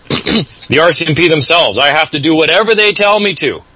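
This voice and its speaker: A man's voice: fairly high pitch, expressive, moderate pace, bright, forceful tone, slight background noise, poor audio. A man hosting a casual talk show, lecturing and advising at length. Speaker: show host.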